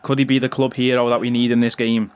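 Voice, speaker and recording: Excitable gaming commentator. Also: male voice, medium pitch, fast talker, smooth. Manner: chatty, excitable, bursts into loud cheers on goals. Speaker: gaming YouTuber. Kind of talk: gameplay commentary.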